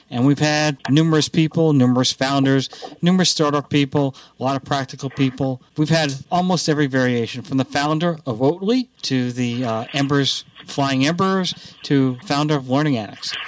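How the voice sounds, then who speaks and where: A man's voice: medium pitch, moderate pace, soft background music. A man from Alabama with an Alabama accent, hosting a radio talk show in a jokey, playful way. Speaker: radio host.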